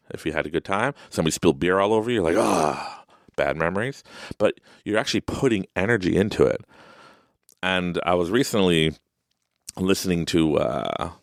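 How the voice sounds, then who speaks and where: A man's voice: sits low, creaky, dry recording, studio quality. A man hosting a podcast in a casual monologue from an office, rambling and chatty and laughing often between remarks. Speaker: podcast host.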